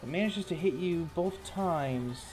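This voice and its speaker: A man's voice: a little high, a little slow, over music. Man running a tabletop game. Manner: casual, descriptive narration with rules talk. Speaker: game master.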